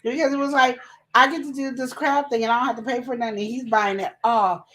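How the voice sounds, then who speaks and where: A woman co-hosting a live relationship advice show, chatting casually and fast, full of energy. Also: fairly high pitch. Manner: chatty, animated, talks fast and laughs.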